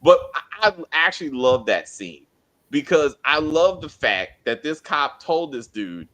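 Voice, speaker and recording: A man's voice: on the high side, sing-song, a little slow, a bit bright. A man co-hosting a spoiler review of a TV show, ranting in exasperated, profane casual chat.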